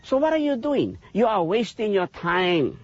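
Giving a tour of his taro fields, this man speaks Hawaiian Pidgin with a folksy, animated manner, ending many points with "yeah?" His voice sits high and moves a little slowly, captured on a dry, muffled recording.

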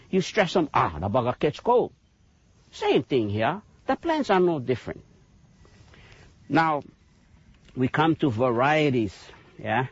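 With a fairly high, slightly rough voice, a Hawaiian Pidgin-accented taro farmer explains his fields during a farm tour. He's animated and folksy, often adding "yeah?" to what he says. The audio is dull, with no room sound.

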